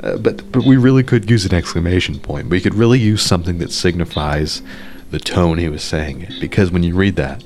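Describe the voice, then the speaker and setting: A man's voice: low-pitched, brisk, a little mellow. A man hosting a podcast, giving blunt, profane, sarcastic commentary on an article he reads aloud, stumbling over restarts when worked up. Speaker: podcast host.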